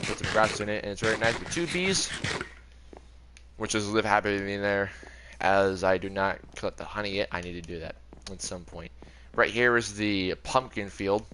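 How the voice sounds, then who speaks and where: A man's voice: on the low side, moderate pace, pauses often, fairly bright tone, a little hiss or hum. A young man giving a casual, rambling tour of his game world, often correcting himself as he goes. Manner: rambling, chatty, self-correcting. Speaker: gaming video creator.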